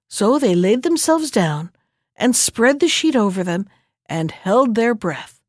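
A woman host reading a fairy tale aloud in a measured, clear way. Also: fairly high pitch, very animated, dry recording, clean studio sound. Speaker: storyteller host.

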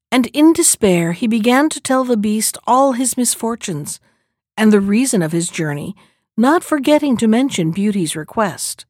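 A woman narrating a fairy tale in a measured, expressive storybook reading. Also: fairly high pitch, no echo, studio quality.

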